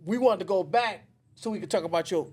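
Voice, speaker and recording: Fast-talking high-pitched male co-host. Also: husky. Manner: excited, halting, repeats himself. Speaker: podcast co-host. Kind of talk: casual interview.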